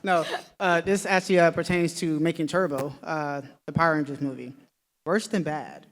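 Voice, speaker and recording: A nervous, giggly fan with a lowish voice asks a question at the audience microphone. Her voice carries a long reverb from the convention hall. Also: fairly even intonation, brisk.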